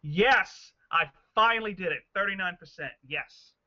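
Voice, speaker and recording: A man playing a tabletop game, excitable and laughing at his own bad luck. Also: high voice, normal speed, muffled recording. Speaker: player.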